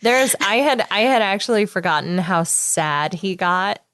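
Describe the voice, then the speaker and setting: A woman's voice: medium pitch, lively intonation, unhurried, fairly bright tone. Woman, podcast co-host, casual chat, rambling, easygoing, laughs along. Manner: chatty, rambling with many "like" fillers, laughs.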